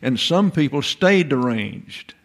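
A man teaches in a loose, rambling lecture, posing rhetorical questions to his listeners. His voice carries a gravelly rasp at a middling pitch. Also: sing-song, slow pace. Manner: folksy, digressive, asks rhetorical questions. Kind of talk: informal lecture.

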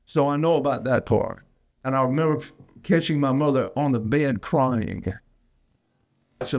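An Alabama pastor in his eighties delivers a sermon in a folksy, rambling style, drifting off into stories. His voice is gravelly and mid-range, at a normal speed, and the recording is dry.

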